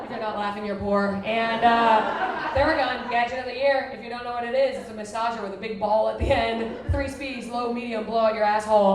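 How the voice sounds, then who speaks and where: A woman's voice: a little high, fairly even intonation, fast talker. A young woman performing crude, self-mocking stand-up comedy and chatting with the crowd at a live venue. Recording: roomy live recording from a distance, crowd laughter.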